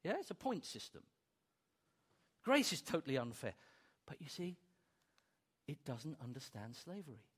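A man preaches a sermon in a slightly rough, medium-pitched voice at normal speed, pausing often. He is animated, rising to emphatic repeated declarations to press his points, and acts out imagined objections as dialogue.

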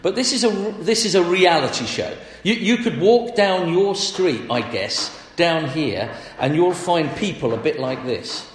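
A man preaching a sermon in a chatty, animated way, often laughing as he talks. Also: on the high side, measured pace, hardly any pauses, a little hiss or hum. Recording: echoey hall.

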